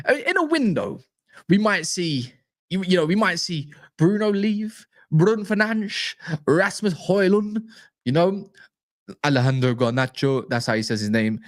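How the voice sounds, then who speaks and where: A young man chatting casually on a football fan live stream, joking and bantering in slang. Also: high voice. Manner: animated, jokey, slangy banter.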